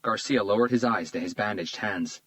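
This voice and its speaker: A man narrating a crime thriller audiobook in a steady, measured read. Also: lowish voice, dry recording, rough recording. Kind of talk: scripted narration.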